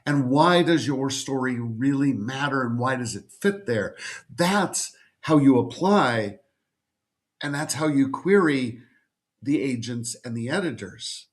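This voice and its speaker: A man's voice: mid-range voice, expressive, slow. A middle-aged man, a literary agent, giving emphatic and repetitive advice straight to the viewer in an educational talk. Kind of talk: direct-to-camera educational talk.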